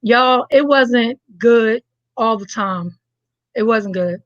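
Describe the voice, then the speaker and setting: A woman's voice: on the high side, slow pace, no echo, highs cut off. A woman from New Jersey, a reverend and mother, giving a candid testimony and speaking directly to listeners. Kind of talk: personal testimony.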